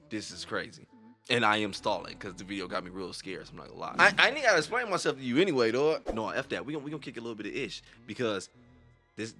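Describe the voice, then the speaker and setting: Excitable, bright-voiced man reacting. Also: fairly low pitch. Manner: excitable, rambling, slangy and profane. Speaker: reaction video host. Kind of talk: casual reaction commentary.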